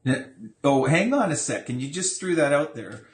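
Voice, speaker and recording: A man's voice: on the high side, big pitch swings, moderate pace, reverberant. A man conducting a casual interview as an author and dad, with a playful, teasing manner.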